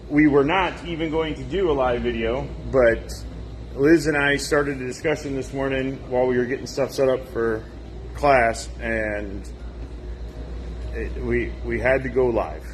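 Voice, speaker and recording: A man's voice: medium pitch, slight background noise. A man hosting a casual live video from a gun shop, teasing his coworkers in a loose, rambling way. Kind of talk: casual live-stream banter. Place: indoor gun shop and range.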